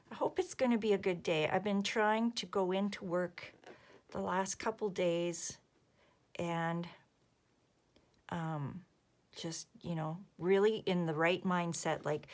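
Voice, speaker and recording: A woman in her fifties chatting casually while she crafts, rambling softly and muttering asides to herself. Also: on the low side, takes it slowly. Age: 50s. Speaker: crafting vlogger.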